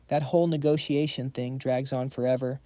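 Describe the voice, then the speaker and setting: A man's voice: mid-range voice, fairly even intonation, brisk, mellow, dry recording, clean studio sound, close to an everyday voice. A man voicing an impatient young mercenary who speaks bluntly and sounds annoyed. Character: impatient, hot-headed young male mercenary.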